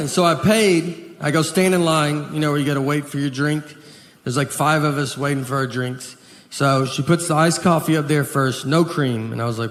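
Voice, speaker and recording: A man in his forties doing stand-up comedy, deadpan and self-deprecating, with an audience laughing in an echoey hall. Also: a little high, brisk, slight background noise. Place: theater stage before an audience.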